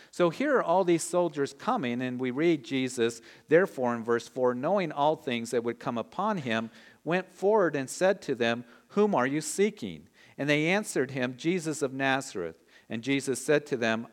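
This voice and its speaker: A man preaching an expository sermon, conversational and earnest, acting out quoted lines of dialogue. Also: on the high side. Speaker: pastor. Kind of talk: expository Bible teaching.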